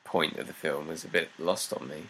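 A man's voice: extremely low pitch, fairly even intonation, normal speed, fairly bright tone, slight background noise. A man in casual chat, answering his co-host with dry, laid-back remarks.

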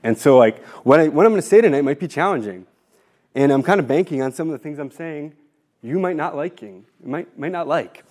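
A man in his twenties giving a talk to his faith community, nervous and tearful, halting with many pauses. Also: fairly high pitch, animated, darkish tone. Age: 20s. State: tearful, voice breaking. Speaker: speaker giving a formation talk.

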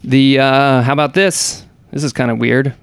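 A man's voice: mid-range voice, steady tone, moderate pace, clean tone, no room sound. A man co-hosting a podcast, chatting casually about gaming news in a rambling, hesitant way full of fillers and restarts. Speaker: podcast co-host.

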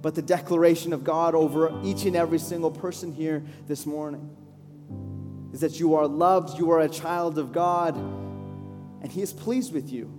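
A man preaching a sermon live to a congregation, earnest and pleading, building to fervent declarations and slowing down to pray. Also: on the high side, fairly even intonation. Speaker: pastor. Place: church hall, live congregation. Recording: live church hall reverb with soft music. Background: soft instrumental worship music.

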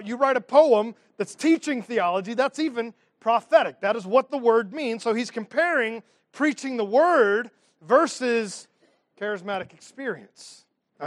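High-voiced pastor teaching a sermon. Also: male voice, dry recording. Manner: teaching through scripture with asides and humor. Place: church.

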